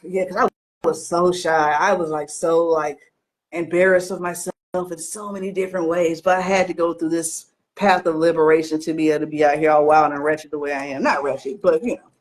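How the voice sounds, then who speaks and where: A woman's voice: low voice, steady tone, brisk. A woman talking in a bold, slangy, emphatic way in a casual spiritual chat.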